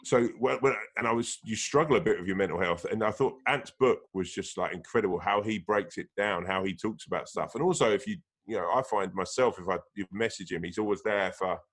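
A man's voice: on the low side, brisk, few pauses, fairly bright tone, slightly rough. A man hosting a casual chat, rambling with many fillers as he builds up his questions. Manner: rambling, heavy on fillers and restarts. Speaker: podcast host.

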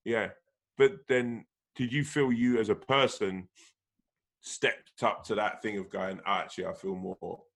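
A male host with a somewhat low voice talks in a loose, rambling way. He strings thoughts together with frequent fillers and restarts before reaching his question. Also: fairly even intonation, a little slow, fairly bright tone. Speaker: podcast host. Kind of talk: casual chat.

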